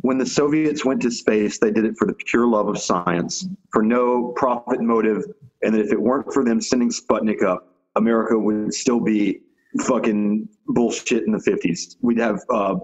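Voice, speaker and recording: Husky-voiced male podcast host. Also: on the low side, steady tone, normal speed, lo-fi sound. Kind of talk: casual comedic chat.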